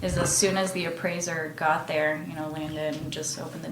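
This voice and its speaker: A woman's voice: sits low, flat delivery, normal speed. A woman co-hosting a podcast, casually telling a work story and laughing easily. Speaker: real estate agent, podcast co-host. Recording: echoey room, noisy.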